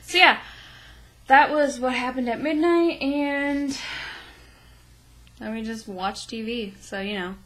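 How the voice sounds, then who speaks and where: A woman co-hosting a casual podcast chat. Her voice is bright and sits a little high. She laughs easily and teases with wry asides. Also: takes it slowly, pauses often, rough recording. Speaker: podcast co-host.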